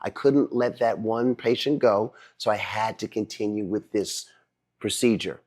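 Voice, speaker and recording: A man's voice: fairly low pitch, fairly even intonation, a little slow, darkish tone. A middle-aged man, a dentist telling a dramatic family story with lots of quoted dialogue. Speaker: dentist and host. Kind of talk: animated storytelling.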